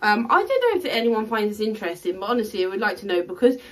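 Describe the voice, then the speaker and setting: A woman's voice: medium pitch, very fast. A woman co-hosting a resale vlog who talks casually and rambles, with many fillers and restarts. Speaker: co-host, luxury reseller. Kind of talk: casual chat, showing thrift finds.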